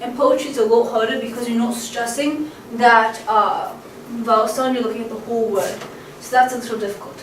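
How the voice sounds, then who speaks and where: A woman's voice: a little high, steady tone, a little fast, far from the mic. A woman giving a casual poetry lesson, chatty and full of ums and uhs, tapping out stress patterns aloud. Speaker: poetry teacher. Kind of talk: casual lecture. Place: room with a camcorder. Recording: echoey room, voice away from the mic, faint background hum.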